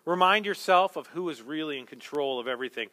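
A pastor delivers a sermon in a man's high, bright voice. He talks in a conversational, animated way and builds to emphatic peaks. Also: quick pace.

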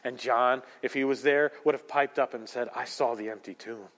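A man preaching a sermon, moving between loud proclamation and hushed, intense passages. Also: mid-range voice, steady tone, normal speed. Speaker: pastor. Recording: long hall reverb.

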